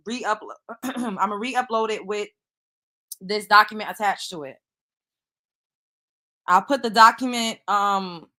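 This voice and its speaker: A young woman hosting a casual livestream commentary, talking animatedly to her chat and swearing freely. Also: mid-range voice. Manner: animated, swearing, addresses chat viewers by name. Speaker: host.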